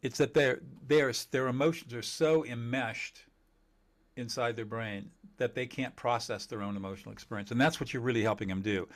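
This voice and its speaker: A man teaching communication skills in an interview, emphatic and animated, laughing often and acting out quoted dialogue. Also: mid-range voice, moderate pace. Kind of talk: conversational interview.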